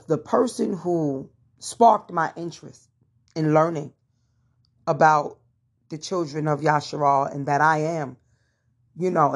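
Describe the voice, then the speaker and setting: A young adult woman talks straight to her listeners in an easy, chatty way, calling them y'all and filling her sentences with "you know" and "you know what I'm saying." Her voice sits low and has a soft, husky grain. She tells a personal faith story as the host of her own show. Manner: conversational, addresses listeners as y'all, many fillers. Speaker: podcast host. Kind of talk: casual testimony to listeners.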